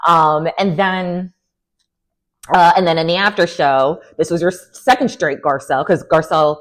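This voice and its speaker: A woman's voice: lowish voice, normal speed. A woman hosting a reality TV recap, talking casually with sass and strong opinions, often slipping into mocking voices for quotes. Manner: animated, sassy, acts out quotes in mocking voices.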